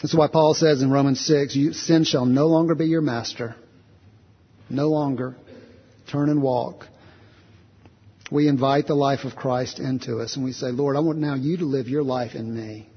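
A man's voice: a little high, moderate pace. A man preaching a sermon in a church in an earnest, repetitive cadence, acting out short prayers. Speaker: pastor. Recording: husky voice, long hall reverb, dull lo-fi sound.

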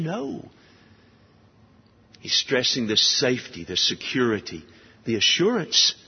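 A man preaching in a slow, deliberate way, his pitch rising and falling widely as he presses rhetorical questions. His slightly husky voice carries a long hall reverb, and the audio is dull and lo-fi. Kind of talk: expository sermon.

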